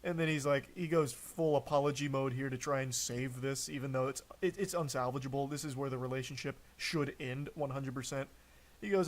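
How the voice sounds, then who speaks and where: A man's voice: medium pitch, fairly even intonation, a little fast. A man streaming casual reaction commentary, sarcastic and exasperated as he talks through what he reads.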